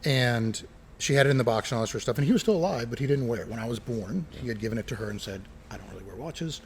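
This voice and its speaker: A middle-aged man, a retired air traffic controller and pilot, telling lively stories as an interview guest and acting out what people said, recorded in an old airport building by a runway. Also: medium pitch, quick pace. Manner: animated, acts out quoted dialogue. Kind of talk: casual interview storytelling. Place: former airport terminal building near a runway.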